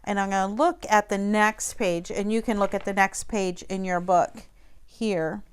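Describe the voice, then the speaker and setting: Woman teacher, clear smooth voice, easygoing recorded lesson, chatty explaining. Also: mid-range voice, measured pace. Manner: relaxed, conversational explaining with frequent fillers. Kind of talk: recorded online lesson walking through a textbook page.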